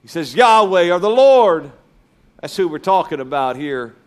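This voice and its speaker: A man preaching a sermon as pastor, emphatic, slowing down to stress key words. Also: fairly high pitch, sing-song, clean tone.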